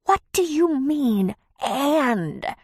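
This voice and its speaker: A woman reading an audiobook, voicing a weakened woman with a scratchy voice who speaks with quiet menace. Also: high voice, very animated, drawn-out words, dry recording, studio quality, pitched above the performer's own voice, full character voice. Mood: weak menacing. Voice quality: weak, scratchy. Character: weakened, threatening adult woman.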